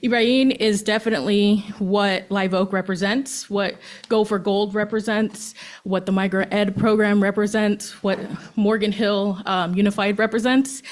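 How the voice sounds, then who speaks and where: A woman's voice: medium pitch, steady tone. Nervous woman praising a student. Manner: halting, with many ums, gets emotional. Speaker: school staff presenting a student award. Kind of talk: nervous unscripted speech at a board meeting. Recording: public meeting room.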